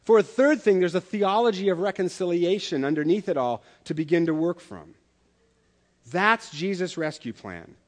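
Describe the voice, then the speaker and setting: A man's voice: sits high, lively intonation, normal speed. A middle-aged man, preaching a sermon as pastor, telling stories with humor in a conversational way.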